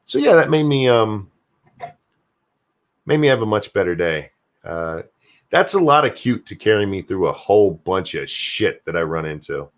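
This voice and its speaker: Deep-voiced grandfather host, lively swings. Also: normal speed, pauses often. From United States. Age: older. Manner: rambling, swears freely, reads chat messages aloud. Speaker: show host reading live chat. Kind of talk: casual live-stream chat.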